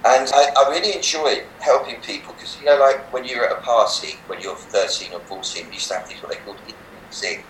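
An older man, a healer and meditation teacher, telling animated stories in an interview and laughing often. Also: medium pitch, fast, hardly any pauses. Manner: animated anecdotes, laughs often, acts out voices in quotes. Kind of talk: storytelling in a relaxed interview. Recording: roomy, slightly distant mic with faint background noise.

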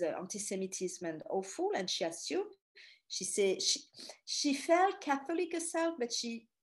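A middle-aged woman with a French accent, giving an anecdotal talk with chatty asides as a speaker and tour guide. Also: medium pitch. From France. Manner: chatty, storytelling with asides and fillers.

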